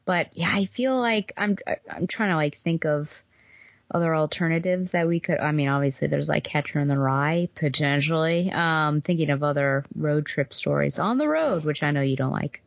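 Chatty woman with a lowish voice. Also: moderate pace, gravelly, dry recording, dull audio. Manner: chatty, rambling with "like" and "um". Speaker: podcast co-host. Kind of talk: casual book-club chat.

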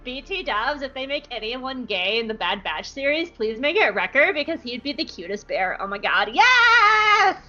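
A woman's voice: on the high side, expressive, normal speed, few pauses, bright, forceful tone, muffled recording. A woman podcast host giving a casual, sarcastic and playful episode recap. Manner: sarcastic and playful, jumps into voices.

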